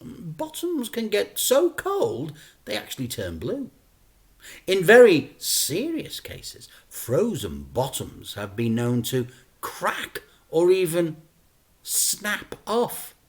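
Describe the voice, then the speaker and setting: A male teacher reading a children's story aloud in a playful, expressive way. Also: fairly high pitch, slow.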